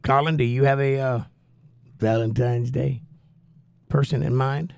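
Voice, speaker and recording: A man's voice: medium pitch, fairly even intonation, unhurried, creaky, a little mellow, smooth, dry recording, studio quality. A man hosting a livestream, reading viewers' chat messages aloud and answering them with wry, teasing humor. He is out of breath and coughing while he recovers from the flu. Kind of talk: casual chat.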